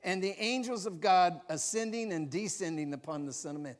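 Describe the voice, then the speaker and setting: A man retelling a scene, voicing Jesus as a calm, assured grown man speaking to a follower, with emphatic delivery. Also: high-pitched, fairly quick, natural voice.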